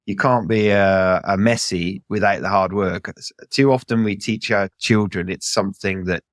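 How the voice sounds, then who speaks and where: Earnest male co-host, lowish voice, dry close sound. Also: moderate pace, no echo. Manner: earnest, insistent, repeats "no". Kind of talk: comedic banter.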